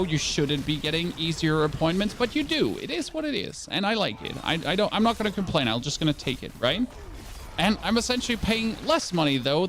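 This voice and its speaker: A German man with a German accent chats sarcastically and ramblingly to his stream chat while gaming in a casual live stream. His voice sits high, with vocal fry and a fairly bright tone, and a little hiss or hum is audible.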